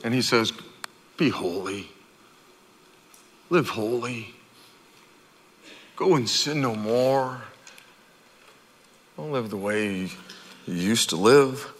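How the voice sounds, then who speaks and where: A middle-aged man preaching a sermon as pastor, conversational and animated, acting out quotes. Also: medium pitch, slow pace, long pauses. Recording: long hall reverb.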